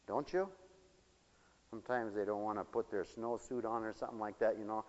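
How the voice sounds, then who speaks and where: A man preaching a sermon in a folksy storytelling way, dropping to low mutters and rising to loud high exclamations. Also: steady tone, fairly quick. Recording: dull lo-fi broadcast with long hall reverb.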